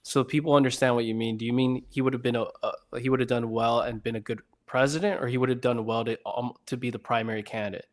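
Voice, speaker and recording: A man's voice: mid-range voice, steady tone, fast, hardly any pauses. A man co-hosting a podcast, talking casually and pressing his co-host with follow-up questions. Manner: probing questions, conversational. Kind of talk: casual chat.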